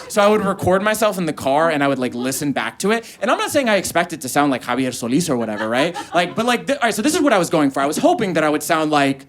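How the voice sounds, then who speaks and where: A man in his thirties performing stand-up comedy, telling a story in an animated, profane way and acting out the dialogue. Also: high-pitched, fast talker. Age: 30s. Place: comedy stage before a live audience.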